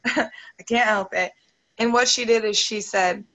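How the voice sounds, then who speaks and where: A woman with a gravelly, creaky edge to her voice leads a motivational video call. She is upbeat and openly emotional and keeps turning to the group. Her voice comes through a computer call mic. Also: on the high side, steady tone, unhurried, sharp tone, low-quality recording. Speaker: team leader hosting a video call.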